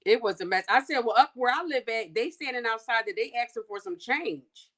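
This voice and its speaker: A woman's voice: a little high, expressive, a little fast, bright, forceful tone. A woman co-hosting a casual chat, telling stories in folksy, chatty phrasing.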